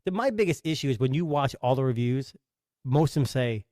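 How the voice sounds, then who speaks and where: A man's voice: mid-range voice, expressive, a little fast, warm tone, dry recording, studio quality. A man co-hosting a tech podcast, chatting casually and often restarting his sentences. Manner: rambling, restarts mid-sentence. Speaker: podcast co-host.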